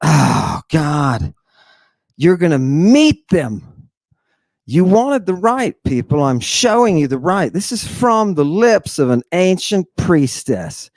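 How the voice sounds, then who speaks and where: Dramatic man lecturing slowly, dry close sound. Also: fairly high pitch, sing-song, dry recording. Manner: dramatic, rhetorical questions, sudden hushed drops. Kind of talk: theatrical lecture on ancient texts.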